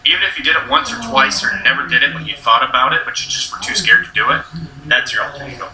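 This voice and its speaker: A man's voice: mid-range voice, fast, background noise. Rambling young man, far off in an echoey room. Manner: rambling, animated storyteller. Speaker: host. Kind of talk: casual chat among friends. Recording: roomy echo, distant mic.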